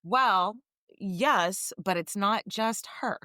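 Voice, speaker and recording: A woman co-hosting a casual history podcast, telling the story in a jokey, swearing, animated way. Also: mid-range voice, slow, dry recording, studio quality. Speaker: podcast co-host.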